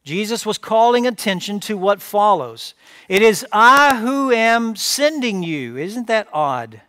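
A man's voice: on the high side, no room sound, studio quality. A man preaching a sermon as pastor, emphatic, repeating phrases and asking rhetorical questions. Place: church sanctuary.

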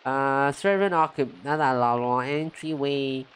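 A man streaming a game, chatting casually and excitably, saying "yo" and "like" a lot and jumping up in pitch when he greets viewers. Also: slow pace, clear, resonant tone. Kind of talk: casual let's-play commentary.

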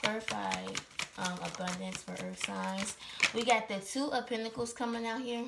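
A woman giving a casual tarot reading, chatty and slangy, with plenty of swearing and quick self-corrections. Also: medium pitch, creaky, heavy background noise. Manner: keeps correcting herself. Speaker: tarot reader.

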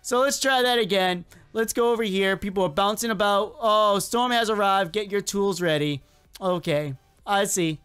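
A gaming video creator giving casual, excitable play-by-play commentary, chatting to game characters and laughing often with lots of ups and downs in pitch. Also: moderate pace, clean tone, soft background music.

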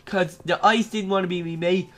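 A man's voice: high-pitched, moderate pace. A young man hosting his own gaming channel, giving casual, jokey gameplay commentary and yelping and ranting at the game as he plays. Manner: excitable and jokey, yelps and rants at the game.

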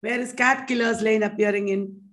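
A woman's voice: fairly high pitch, steady tone, moderate pace, a bit bright. A woman teaching an exam-prep lesson online, quizzing viewers in a chatty way with Hindi asides.

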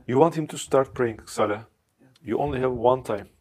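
Guy interviewer, mid-pitched voice, asks short questions. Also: fast, darkish tone.

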